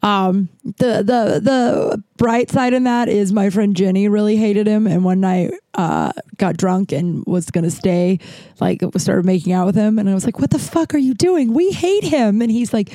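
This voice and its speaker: Woman, 40s, gravelly vocal fry, candid rambling storytelling, swears freely. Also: medium pitch, fairly even intonation, moderate pace, mellow, no echo. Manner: candid, profane, rambling with restarts. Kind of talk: casual personal storytelling.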